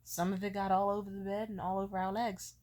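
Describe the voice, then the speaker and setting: A young woman vlogger telling a casual, profane story with animated energy. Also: mid-range voice, fast talker.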